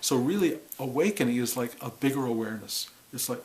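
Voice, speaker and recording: A middle-aged man teaching about awakening in a musing, reflective way, repeating words and breaking into animated bursts. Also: medium pitch, brisk, rough recording. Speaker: spiritual teacher. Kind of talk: reflective spiritual talk.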